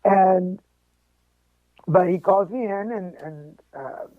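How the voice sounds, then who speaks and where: A man with a high voice tells a personal story as a podcast guest, animated and quick to joke. The sound is thin and phone-like, with a dry, close feel. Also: no room sound. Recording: tinny phone-like line, dry.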